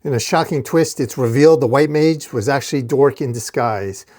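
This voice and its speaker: A man's voice: medium pitch, normal speed, a little mellow. Man casually narrating a comic. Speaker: comic reader.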